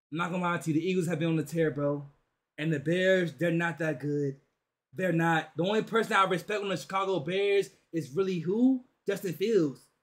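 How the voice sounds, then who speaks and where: A man hosting a sports reaction video, talking casually and excitedly to his viewers in slangy chat. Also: on the high side, normal speed.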